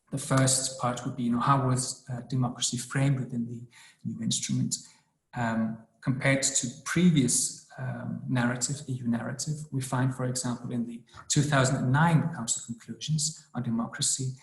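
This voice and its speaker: A man presents a policy analysis on a webinar call, pausing often and restarting his sentences. His pitch stays flat and even the whole time, and the sound carries a roomy echo. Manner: hesitant, many ums and restarts. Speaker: policy researcher presenting a brief. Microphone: video call.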